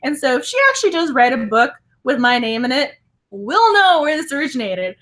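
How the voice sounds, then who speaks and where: A woman chatting casually in a book vlog, excitable and giggly, rambling and correcting herself as she tells stories. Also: sits high, brisk. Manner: giggly and excitable, laughs often; rambling, self-correcting storytelling. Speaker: book vlogger. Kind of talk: casual chat.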